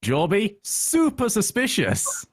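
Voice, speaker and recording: A man thinking things through out loud and urging the others to slow down, his voice moving lively up and down. The video-call sound is dry, with no room around it. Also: sits high, slightly rough, no room sound. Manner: cautious, reasoning. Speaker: game player. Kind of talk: casual game banter.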